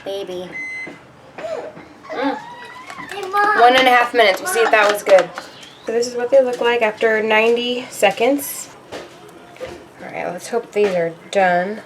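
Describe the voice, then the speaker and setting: A chatty young woman vlogging her day in a slightly high voice. She talks casually and keeps turning to her viewers as "you guys.". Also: measured pace, long pauses, noisy background. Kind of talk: casual chat.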